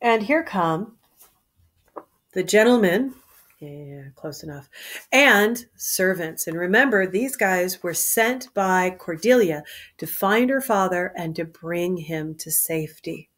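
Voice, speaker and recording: A woman's voice: medium pitch, a little slow, a bit bright. A woman casually explaining a play to listeners, with wry, chatty asides. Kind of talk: explaining a play between read passages.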